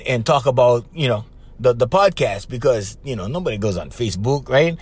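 A man's voice: mid-range voice, animated, normal speed, husky. A man with a Hawaiian Pidgin accent, hosting a podcast as a casual, loose monologue full of "bro" and laughs. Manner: chatty, loose, laughs often, says bro. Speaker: podcast host.

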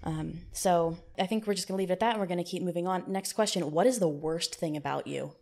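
A woman with a somewhat low voice hosts a casual chat. She asks questions and teases her guest in a dry, deadpan way. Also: fast talker, gravelly. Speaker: host.

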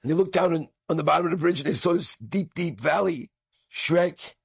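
A man's voice: on the high side, brisk, vocal fry, husky, dry recording. A man, a rabbi, telling an inspirational story with Yiddish and Hebrew words mixed into his English.

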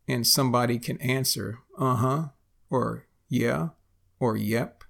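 A man from Texas with a Texan accent, teaching English phrases slowly and deliberately, repeating each example. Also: medium pitch, gravelly, fairly bright tone. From Texas, United States. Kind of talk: explaining lesson.

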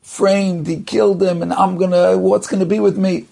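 A man plays a terrified merchant pleading through tears. His voice climbs high with panic and carries a gravelly fry. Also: level tone, normal speed, mellow, full character voice. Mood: desperate pleading.

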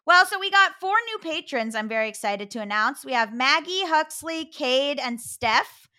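A high-voiced American woman in her thirties hosts a casual podcast. Her tone is bright and forward, and she chats loosely with plenty of fillers. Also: animated, moderate pace. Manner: chatty, lots of fillers. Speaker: podcast host.

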